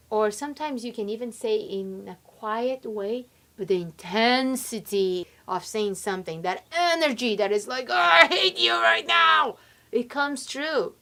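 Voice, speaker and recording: Expressive woman relationship coach. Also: fairly high pitch. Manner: expressive, acts out quoted complaints and soft replies. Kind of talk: coaching talk to camera.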